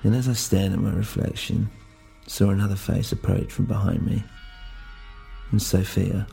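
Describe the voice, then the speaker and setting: Brooding male narrator, first-person audio drama, dark mellow voice, faint music behind. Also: on the low side, little pitch movement, moderate pace, creaky. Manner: brooding, introspective.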